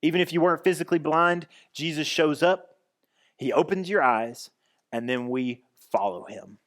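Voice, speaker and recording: A man's voice: a little high, normal speed, a bit bright. Man preaching conversationally from the pulpit. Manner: conversational preaching with frequent restarts and repeated phrases. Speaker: pastor. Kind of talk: sermon.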